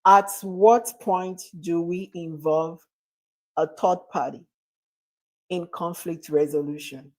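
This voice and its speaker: A woman's voice: fairly low pitch, slow pace. A woman hosting a marriage talk show, respectfully thanking her guest and reading out viewer questions.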